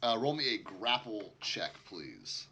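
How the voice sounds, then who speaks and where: A man narrating and running a tabletop role-playing game as game master, laughing often between quick asides. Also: on the low side, very animated, gravelly, bright, forceful tone, breathy edge.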